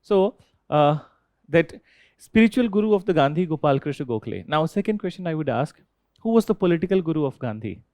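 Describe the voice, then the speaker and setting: A man's voice: on the high side, animated, a little fast, darkish tone, no room sound. A man with an Indian accent teaching a history class, asking students questions and repeating key points with frequent "okay?" checks.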